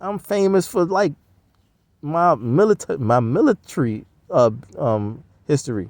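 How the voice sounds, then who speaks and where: Gravelly man rambling in slang. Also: a little high, lively intonation, unhurried, a little mellow, no echo. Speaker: vlogger. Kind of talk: rambling casual monologue.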